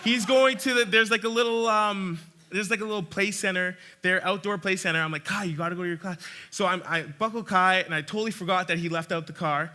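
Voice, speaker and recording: A young man with a high, very bright voice tells a story from the front of a church. He is animated and chatty, often restarting his sentences and breaking into laughter. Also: fairly quick. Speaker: church speaker.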